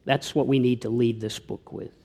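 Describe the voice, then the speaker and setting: A man preaching a sermon, who tells anecdotes and often drops to a hushed tone for his appeals. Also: medium pitch, fairly even intonation, normal speed, husky. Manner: tells anecdotes, with slips and restarts. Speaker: pastor.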